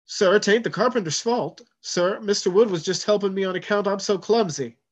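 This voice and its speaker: A man's voice: moderate pace, dull audio. A man doing a frightened teenage cabin boy. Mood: pleading. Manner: pleading, higher voice. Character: frightened fourteen-year-old cabin boy, clumsy.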